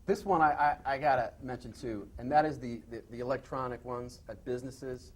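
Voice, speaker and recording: A man on a casual talk show panel, telling stories in an animated, exasperated way. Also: mid-range voice, brisk.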